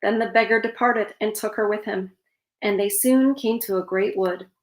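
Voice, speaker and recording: A woman with a medium-pitched voice and moderate pace reads a fairytale aloud as a storyteller. Between passages she breaks off to add sarcastic asides, and the sound carries a roomy echo.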